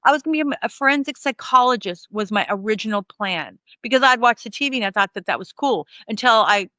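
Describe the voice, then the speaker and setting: A woman in her fifties, a guest in an interview, telling candid stories in a rambling, animated way and acting out the dialogue. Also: a little high, quick pace, no echo. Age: 50s. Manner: rambling, animated, acts out quoted dialogue with laughs.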